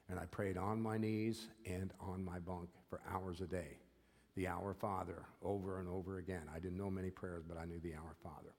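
A man's voice: deep voice, flat delivery, moderate pace, darkish tone, big-room sound. An older man giving an earnest personal testimony, often repeating himself and checking in with "okay?". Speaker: former prisoner giving testimony.

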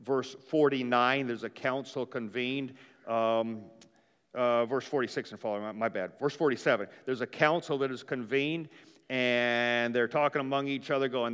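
A man preaching a sermon in a relaxed, conversational way, often stopping on fillers and restarting his phrases. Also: medium pitch, normal speed, smooth, long reverb tail. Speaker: pastor.

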